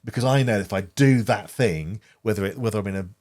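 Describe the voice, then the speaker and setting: A man's voice: on the low side, fast talker, a little mellow. A middle-aged man co-hosting a podcast, chatting casually and earnestly, often repeating words as he thinks. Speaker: podcast co-host. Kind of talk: casual conversational chat.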